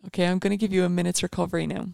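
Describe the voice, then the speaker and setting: A woman's voice: fairly low pitch, level tone, rapid-fire, vocal fry, mellow, dry recording, studio quality. A woman coaching a guided running session, chatty and encouraging, given to rambling asides.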